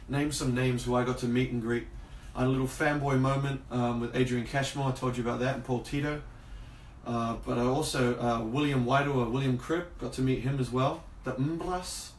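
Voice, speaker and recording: A man co-hosting a podcast, chatting casually and rambling through stories with plenty of swearing. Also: mid-range voice. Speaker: podcast co-host. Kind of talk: casual chat. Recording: roomy, distant from the mic, faint noise.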